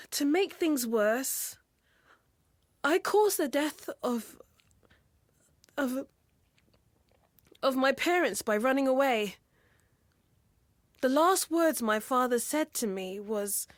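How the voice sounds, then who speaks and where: A woman's voice: sits high, no echo, studio quality. A woman voicing an earnest young Englishman. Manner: earnest, heartfelt.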